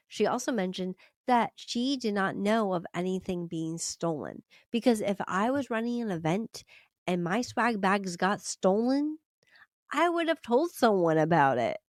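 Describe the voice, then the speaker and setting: A woman co-hosting a casual book podcast, chatting animatedly, hedging with "allegedly" and jumping into high voices when she acts out other people. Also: lively intonation, a little slow, dry recording, studio quality. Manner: hedges with repeated "allegedly". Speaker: podcast co-host. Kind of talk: casual chat.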